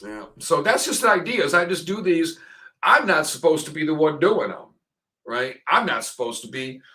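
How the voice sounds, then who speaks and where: A man's voice: a little high, very animated, moderate pace, bright, forceful tone, rough recording. A man hosting a radio show in casual, joking studio chat, chatty and exaggerating for laughs. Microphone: studio microphone.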